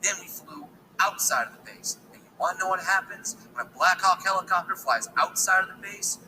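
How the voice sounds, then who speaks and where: High-pitched comedian dude telling stories on stage, acts out voices, noisy audio. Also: male voice, fairly quick. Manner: animated storytelling with acted-out voices. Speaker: stand-up comedian. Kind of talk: stand-up comedy.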